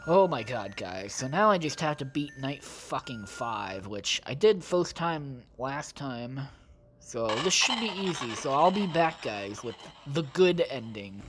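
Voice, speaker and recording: A man's voice: medium pitch, big pitch swings, a little slow, noisy background. A man doing casual let's-play commentary, profane, exasperated and rambling as he talks to his viewers. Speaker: gaming video creator.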